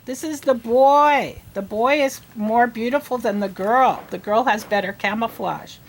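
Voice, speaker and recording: A woman teaching children to read, sounding out letters and words slowly and asking them questions in an encouraging way. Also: a little high. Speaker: reading teacher. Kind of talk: early reading lesson.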